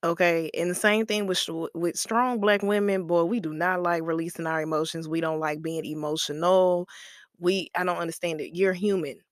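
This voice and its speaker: A woman's voice: on the low side, fairly even intonation, normal speed, no room sound, clean studio sound. A woman hosting a casual motivational podcast, chatty and emphatic, with slangy asides, calling listeners "baby" and laughing at herself. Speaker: podcast host.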